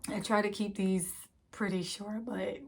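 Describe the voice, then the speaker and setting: Slow-talking woman with a Baltimore accent. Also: medium pitch, steady tone. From West Baltimore. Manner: earnest, emotional, trying not to cry. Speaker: vlogger. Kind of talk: heartfelt personal vlog.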